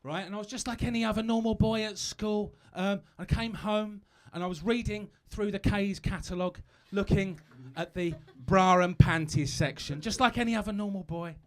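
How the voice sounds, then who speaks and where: A man's voice: high-pitched, normal speed, hardly any pauses. A British man doing a stand-up comedy set on a live stage, chatty and self-mocking, stumbling over asides.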